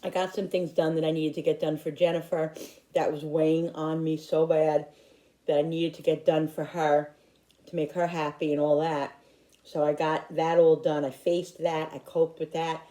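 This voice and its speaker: A middle-aged woman YouTuber talks to her viewers from her home in upstate New York in a heartfelt, rambling personal vlog, often restarting her sentences. Her voice is deep and mellow, level in tone, at a moderate pace.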